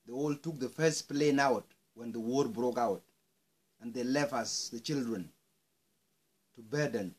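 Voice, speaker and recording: A man from South Sudan delivering an angry, impassioned monologue, swearing and rising into outbursts. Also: medium pitch. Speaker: speaker airing grievances.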